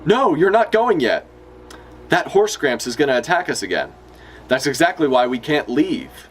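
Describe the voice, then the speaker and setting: Guy putting on a lecturing genius girl, pitched way up, very matter-of-fact. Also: big pitch swings, moderate pace, husky. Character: earnest young genius girl explaining physics. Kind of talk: reading manga dialogue aloud.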